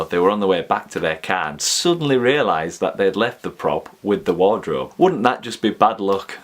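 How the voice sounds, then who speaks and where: A young man with a Yorkshire accent talks in a loose, joking way and laughs often. His voice sits deep and low. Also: fairly bright tone. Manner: chatty, jokey, laughs often. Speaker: YouTube host. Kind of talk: casual chat.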